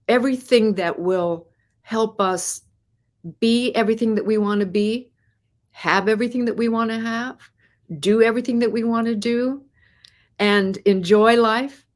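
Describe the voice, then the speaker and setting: A woman's voice: a little high, fairly even intonation, unhurried. A woman hosting a live podcast, talking to viewers and asking them many encouraging questions, often repeating words and restarting her phrases. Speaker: host.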